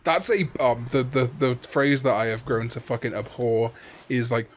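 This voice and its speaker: A man's voice: mid-range voice, expressive, normal speed, a little hiss or hum. A British man casually commentating a video game with a friend, cursing and joking a lot. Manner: profane, laughing banter. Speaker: let's play host.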